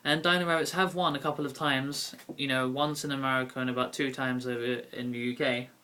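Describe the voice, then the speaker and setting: A man's voice: medium pitch, fairly even intonation, fairly quick, sharp tone. A young man with a British accent, talking casually to camera in a rambling vlog full of ums and restarts. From Britain. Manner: rambling, many fillers and self-corrections. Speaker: YouTube card game vlogger.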